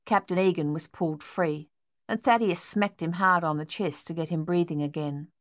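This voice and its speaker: In a fairly low voice, a female audiobook narrator reads scripted text steadily and with measured care. The sound is close and dry, with no echo or room sound.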